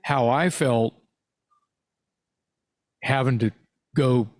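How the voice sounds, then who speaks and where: A man co-hosting a podcast, chatting excitedly and swearing casually. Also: mid-range voice, drawn-out words, no room sound, clean studio sound. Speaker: podcast co-host and singer. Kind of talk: casual chat.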